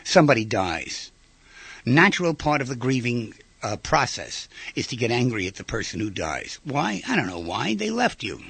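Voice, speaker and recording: A man's voice: medium pitch, very animated, moderate pace, gravelly, fairly bright tone, husky, no echo. A man giving an informal lecture in a conversational way, firing rhetorical questions at his listeners and briefly acting out quoted voices. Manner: acts out short quoted voices. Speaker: speaker giving a talk.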